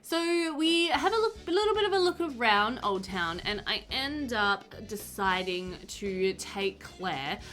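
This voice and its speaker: A woman's voice: mid-range voice, lively intonation, unhurried, few pauses, a bit bright, faint music behind. A woman giving a casual voiceover commentary on her gameplay, chatty and rambling with a bubbly manner. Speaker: gaming video creator. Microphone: voiceover recorded after gameplay.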